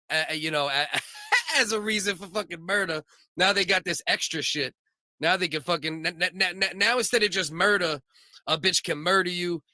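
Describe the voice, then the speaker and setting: A man's voice: fairly high pitch, sharp tone, no room sound. A man co-hosting a comedy talk show, trading crude, profane banter and laughing often. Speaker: podcast co-host.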